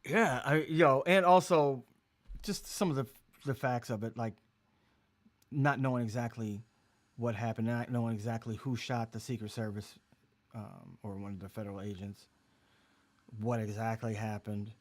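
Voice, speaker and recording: A man's voice: medium pitch, steady tone, moderate pace, long pauses. A man hosting a casual livestream chat, rambling and joking loosely. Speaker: host.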